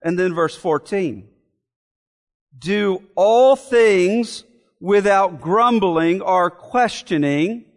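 Man preaching a sermon, high voice, earnest, rhetorical questions, long hall reverb. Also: lively intonation, extremely slow. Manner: earnest, repeats key phrases, asks rhetorical questions. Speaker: pastor. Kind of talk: expository sermon.

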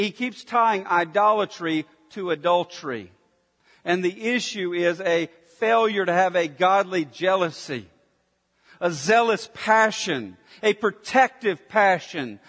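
A man preaching a sermon, emphatic, dropping to intense near-whispers and rising to forceful declarations. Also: high-pitched. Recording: long hall reverb.

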